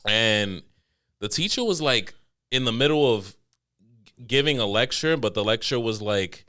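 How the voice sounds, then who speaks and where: A man's voice: mid-range voice, lively intonation, measured pace, pushed and bright, clear, resonant tone. Brief: young male podcast host from New York, casual and profane, easygoing storyteller. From New York City. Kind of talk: casual chat.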